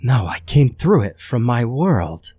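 A man's voice: mid-range voice, big pitch swings, unhurried, warm tone, slightly rough, no room sound, clean studio sound, pitched above the performer's own voice. A man voicing a frail dying creature woman. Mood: frail, fearful. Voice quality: frail, shaky. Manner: weak, breathless, pleading. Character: frail dying small female otherworldly creature. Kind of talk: scary story narration.

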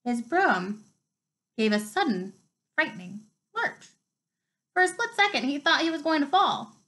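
A woman's voice: high-pitched, lively intonation, unhurried, bright, forceful tone, poor audio. A woman reading a novel aloud, telling it expressively and rising with the action. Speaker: reader.

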